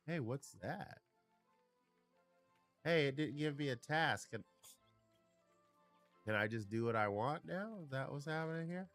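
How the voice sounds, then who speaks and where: A man talks through a game on a livestream, muttering to himself and reacting as he plays. His voice has a gravelly, creaky edge at a middle pitch, and faint music plays behind him. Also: lively intonation, a little slow, pauses often. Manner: chatty, thinks out loud, mutters to himself. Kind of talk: casual gameplay commentary.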